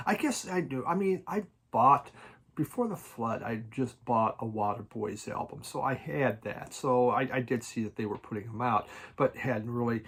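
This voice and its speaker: A man's voice: mid-range voice, husky. Guy rambling about his vinyl at home, stops and restarts a lot, chuckles, talks to his cat. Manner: halting, many restarts and repeated words. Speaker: vinyl record collecting vlogger. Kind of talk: casual rambling chat.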